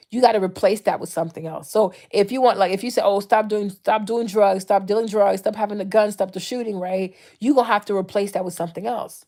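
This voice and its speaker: Gravelly-voiced woman vlogging. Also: medium pitch. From Ivory Coast. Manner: animated, mocking impressions, frequent "right?". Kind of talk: casual monologue to camera.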